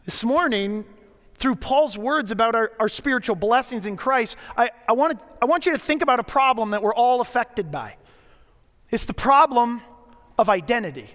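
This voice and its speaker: A middle-aged man preaching a sermon as a pastor, telling stories in a conversational way with dramatic pauses. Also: very high voice, animated, a bit bright. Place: church sanctuary. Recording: long hall reverb.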